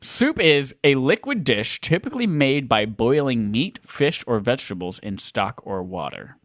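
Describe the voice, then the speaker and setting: Animated mid-pitched podcast co-host, dry sound. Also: moderate pace, no echo. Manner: animated storyteller, mock-dramatic. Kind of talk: casual chat.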